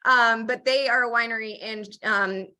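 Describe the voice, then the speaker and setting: A woman's voice: fairly high pitch, steady tone, normal speed, bright, forceful tone. A young woman from Oregon hosting a podcast, chatting casually and joking about herself, with lots of "like" and "um". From Oregon, US Pacific Northwest. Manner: chatty, self-deprecating, lots of "like" and "um". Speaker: podcast host. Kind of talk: casual chat.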